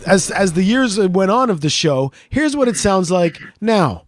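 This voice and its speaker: A middle-aged man co-hosting a podcast, telling stories in animated casual banter and swearing freely. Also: high-pitched, a little slow, soft background music. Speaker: podcast co-host.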